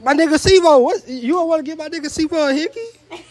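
A man hosting a truth or dare game at a party, loud and joking, cursing freely and stumbling over his words. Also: very high voice, quick pace. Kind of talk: casual party chat. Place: room at a house party.

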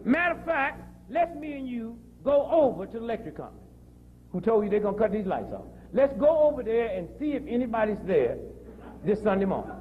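A man's voice: extremely high pitch, very animated, a little fast, phone-quality sound, slight background noise. A man giving a joking, preachy talk to a live audience, telling stories from his own life. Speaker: speaker. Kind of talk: comic health lecture to an audience.

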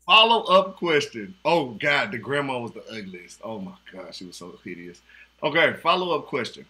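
A very animated man with a mid-range voice and sharp tone, speaking at normal speed, hosts casual trivia over a video call. He laughs often and pokes fun at players, heard through a video call mic.

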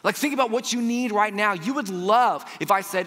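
Bright-voiced man preaching in a reverberant hall. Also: sits high, moderate pace. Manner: animated storytelling with frequent "like" fillers. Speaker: pastor. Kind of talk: sermon. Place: church sanctuary.

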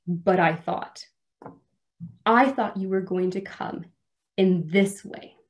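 A woman's voice: mid-range voice, slow, lightly acted. A woman playing a stubborn flood-stranded man. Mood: bewildered. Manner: casual, stubbornly confident. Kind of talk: sermon storytelling.

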